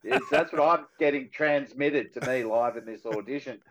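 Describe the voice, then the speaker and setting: A man's voice: mid-range voice, moderate pace, a little hiss or hum, poor audio. A man in his forties with an Australian accent, an actor guest chatting on a radio show and acting out the voices in his stories. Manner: animated storyteller who acts out quoted voices. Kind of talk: casual radio chat.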